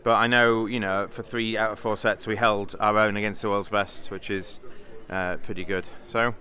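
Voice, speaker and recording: Bright-voiced British man vlogging. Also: on the low side, flat delivery, normal speed. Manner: rambling, thinks aloud with many fillers and restarts. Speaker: vlogger, bridge player. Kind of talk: casual vlog chat.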